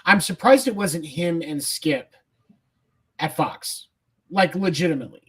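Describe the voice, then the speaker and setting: A man co-hosting a sports podcast, giving measured opinions with casual fillers. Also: on the high side, husky. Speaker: podcast co-host.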